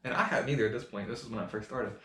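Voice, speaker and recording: A man co-hosting a casual podcast, telling a story in an animated way and laughing as he talks. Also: medium pitch, racing. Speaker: podcast co-host. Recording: echoey room with faint noise.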